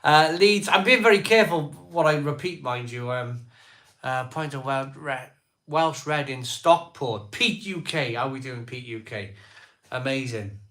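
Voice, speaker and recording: A man hosting a casual live stream, rattling off viewers' places and beers in quick lists as he reads their comments. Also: mid-range voice, a bit bright.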